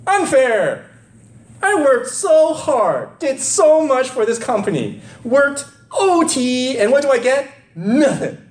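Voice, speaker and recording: A man's voice: extremely high pitch, voice pushed up, heavily acted. A man voicing an aggrieved office worker who complains indignantly, in an echoing room. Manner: whining, indignant, exaggerated.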